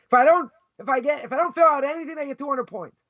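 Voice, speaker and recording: A passionate man lecturing as a rabbi, with a very high voice that swings between sarcasm and near-shouting. The sound is dull and muffled, recorded dry and close with no room around him. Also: no echo. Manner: loud, passionate, sarcastic, quick mock voices for others. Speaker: rabbi teaching a lesson. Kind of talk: fiery lesson.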